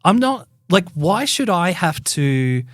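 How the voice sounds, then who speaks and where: An Australian man, a podcast co-host, telling a story in casual chat with lots of swearing and animated outbursts. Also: sits high, slow, dry recording. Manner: animated, profane, heated retelling. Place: podcast studio.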